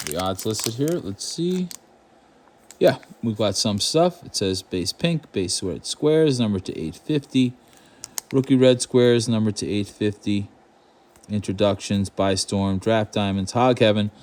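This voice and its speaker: An Irish-born channel host opens trading card packs in a lowish, expressive, slightly mellow voice at a measured pace. He keeps the commentary casual and wry, drifting into asides and mock outrage.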